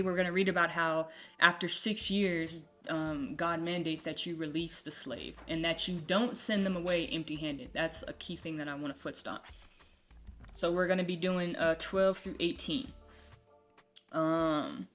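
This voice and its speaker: Low-voiced woman teaching scripture casually. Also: a bit bright. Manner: conversational, frequent "um" and "right?" tags. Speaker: Bible teacher. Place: home with a puppy nearby.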